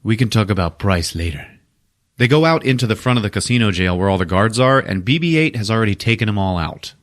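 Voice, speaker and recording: A man with a low voice tells the story of a film with loud, swooping energy, swearing freely and laughing as he goes. His pitch jumps around constantly while he mocks each scene, podcast-casual and irreverent. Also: expressive. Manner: profane, laughing, acts out characters in quick voices. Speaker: podcast host recapping a film. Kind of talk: casual comedic movie recap.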